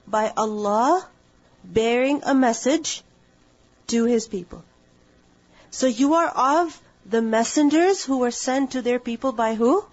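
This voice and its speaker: A woman's voice: on the high side, a little mellow, dull audio. Woman teaching with her own questions. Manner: asks questions and answers them herself. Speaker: Quran teacher. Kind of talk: religious lecture.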